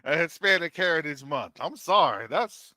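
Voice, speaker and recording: Animated bright-voiced man host. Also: on the high side, moderate pace, no room sound. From Florida. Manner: animated, jokey, preacherly asides. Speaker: channel host. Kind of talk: casual commentary monologue.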